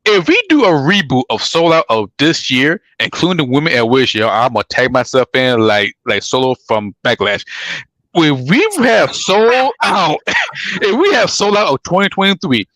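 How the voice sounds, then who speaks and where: A man co-hosting a podcast, talking in a rambling, profane, animated way with many restarts. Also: a little high, normal speed, dry recording. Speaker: podcast co-host. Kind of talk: casual chat about pro wrestling.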